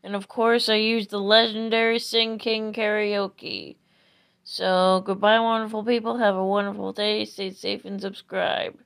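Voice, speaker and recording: Gravelly-voiced woman with a sore throat. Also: mid-range voice, flat delivery, measured pace, fairly bright tone. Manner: joking, chatty sign-off. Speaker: channel host. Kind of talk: casual karaoke vlog chat.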